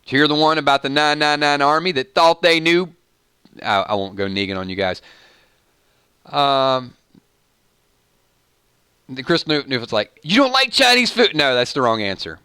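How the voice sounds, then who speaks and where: A man's voice: mid-range voice, expressive, normal speed, long pauses, pushed and bright, smooth, no room sound. A man with a Southern US accent hosting a live stream, chatting casually and joking as he reads viewer comments aloud.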